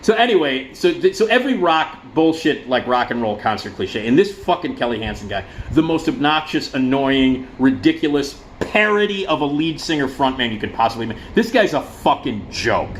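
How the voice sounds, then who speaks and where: A man giving a casual vlog rant, profane and sarcastic, in an animated ranting manner. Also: medium pitch, moderate pace, hardly any pauses, slight background noise. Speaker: vlogger.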